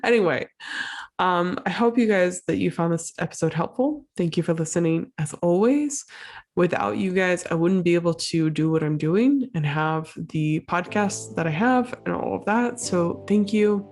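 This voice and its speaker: A woman's voice: fairly low pitch, moderate pace, a little mellow. A woman hosting her own podcast, talking casually and encouragingly with many fillers while sick and a little out of breath. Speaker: podcast host. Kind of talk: solo podcast monologue.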